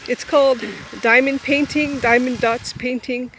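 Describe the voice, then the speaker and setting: A woman from Ohio rambling casually while she films a walk in a park on a handheld phone, a bit out of breath from walking fast. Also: high voice, fairly even intonation, poor audio. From Boardman, Ohio. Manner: rambling, chatty, laughs often. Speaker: vlogger. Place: outdoor park, windy day. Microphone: handheld phone camera while walking. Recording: loud outdoor wind noise.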